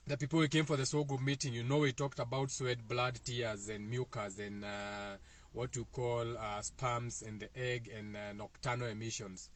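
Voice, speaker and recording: This Kenyan host, whose accent is Kikuyu-speaking, has a mid-pitched male voice and leads a casual spiritual talk aimed at viewers. His self-help wellness talk rambles and meanders, with frequent repetition and plenty of fillers.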